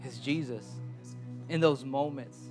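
A man's voice: medium pitch, unhurried, music in the background. A young adult man preaching a conversational sermon as pastor, often stammering and repeating words as he talks.

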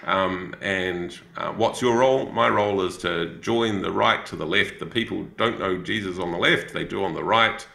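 A man's voice: low voice, normal speed, gravelly, few pauses, bright, forceful tone, echoey room. A man with a New Zealand accent telling a story in a casual chat, rambling with many fillers and restarts. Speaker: podcast co-host, missionary.

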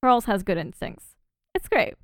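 A woman's voice: medium pitch, very animated, moderate pace, no room sound, clean studio sound. A young woman co-hosting a podcast in casual chat, talking freely with lots of fillers and laughter. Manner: chatty, laughs often, many fillers and restarts. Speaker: podcast co-host.

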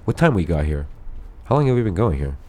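A man hosting a podcast, telling a story in an animated, digressive way, swearing freely and recording in a studio. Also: low voice, fast talker. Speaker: podcast host. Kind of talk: casual storytelling chat.

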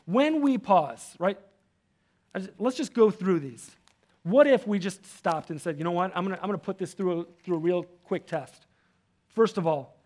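A man preaching a sermon as pastor, animated, rising loud when fired up and dropping soft for prayers. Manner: drops soft and low for prayers.

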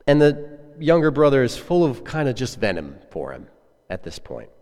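A man's voice: medium pitch, huge pitch swings, moderate pace, darkish tone. A man preaching a sermon as a pastor, earnest and conversational, putting questions to his listeners. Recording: echoey hall with long reverb.

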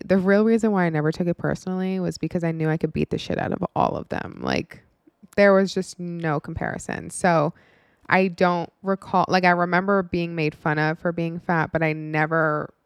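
A woman's voice: on the low side, vocal fry, clean tone, no echo. A woman in her twenties telling a personal story in a candid, frank, casual way, with some swearing and many "like" fillers.

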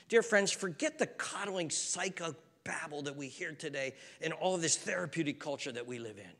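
A middle-aged man preaches with sweeping, lively inflection, rising to forceful exhortation and then dropping to a hush. His voice sits high and bright. A long reverb trails behind it, as in a large church. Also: moderate pace. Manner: animated, swinging from loud exhortation to hushed intensity. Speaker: pastor. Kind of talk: sermon.

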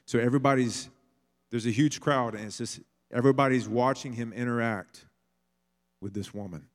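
A man delivering a sermon at a middle pitch. He talks casually, like he is telling a story. He sometimes acts out the voices of the people he describes. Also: fairly even intonation, moderate pace. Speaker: pastor.

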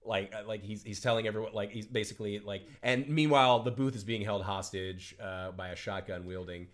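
A man co-hosts a podcast in casual chat, rattling quickly through a film plot. His voice sits a bit low, and he trips over restarts and fillers as he goes. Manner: rambling, many fillers and restarts. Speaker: podcast co-host. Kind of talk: casual movie discussion.

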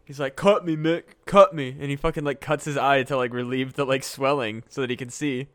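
A man's voice: mid-range voice, level tone, brisk, fairly bright tone. Profane young man riffing with his co-host. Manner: profane, riffing, calls the other host dude. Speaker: podcast co-host. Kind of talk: casual comedy podcast chat.

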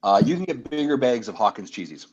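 A man's voice: mid-range voice, very animated, fast, darkish tone, slightly rough, dull audio. A man from Canada, a playful guest on a casual podcast, joking and teasing as he talks. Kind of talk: casual chat.

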